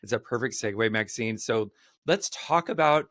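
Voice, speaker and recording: A man's voice: medium pitch, lively intonation, moderate pace, fairly bright tone, no room sound, studio quality. A man hosting a casual podcast chat, earnest and encouraging as he sets up topics. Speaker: podcast host.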